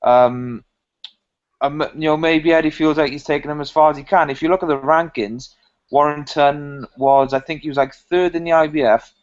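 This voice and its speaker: A man reasoning through the topic in a measured, analytical way with frequent ums. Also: fairly high pitch, steady tone. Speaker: podcast co-host. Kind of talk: casual chat. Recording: dull lo-fi podcast audio.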